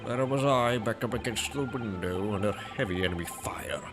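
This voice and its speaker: A man's voice: fairly low pitch, normal speed, lightly acted. A man reading the lines of a blustering older British retired army man in a game, with pompous old-fashioned phrasing, over game music. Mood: boastful.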